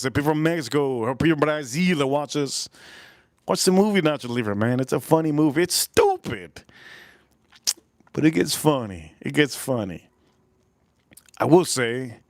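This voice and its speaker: A man's voice: mid-range voice, dry recording, clean studio sound. A man hosting a live stream, rambling and joking crudely while he talks to his chat.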